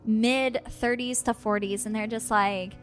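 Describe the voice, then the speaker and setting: High-voiced young woman telling a story. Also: measured pace, soft background music. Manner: animated, swears freely, acts out quotes. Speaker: podcast host, medium. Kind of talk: casual storytelling chat.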